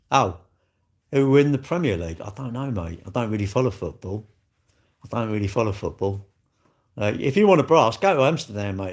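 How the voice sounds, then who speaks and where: A livestream host with a lowish voice fields viewer comments in casual chat. He's blunt and rambling, chatty, frequently restarting and breaking into laughs.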